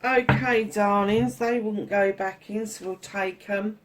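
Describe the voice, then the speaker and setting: A woman's voice: medium pitch, steady tone, takes it slowly, noisy background. Sweary, chatty woman reading tarot. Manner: chatty, swears freely, calls listeners darlings. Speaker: tarot reader. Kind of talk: casual tarot reading to camera.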